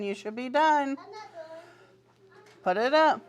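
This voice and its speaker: A young woman with a fairly high, unhurried voice teaches a pre-kindergarten class in a classroom. She's upbeat and encouraging, giving the small children short, firm directions.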